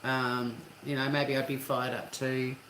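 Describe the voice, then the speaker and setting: A woman's voice: rumbling low, little pitch movement, a little slow, a bit bright. A woman hosting a casual live chat with viewers, talking candidly and swearing freely. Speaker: livestream host. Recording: echoey room with faint hum.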